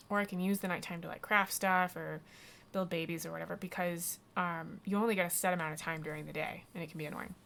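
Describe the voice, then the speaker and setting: Gravelly woman chatting through a game. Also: lowish voice, fairly bright tone, slight background noise. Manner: chatty, rambling, with frequent ums. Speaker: game streamer. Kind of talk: casual gameplay commentary.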